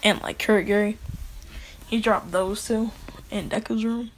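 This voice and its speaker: A man's voice: high voice, steady tone, a little slow, fairly bright tone, a little hiss or hum. A man rambling through an improvised fan story in casual slang, packing his sentences with filler words and joking asides.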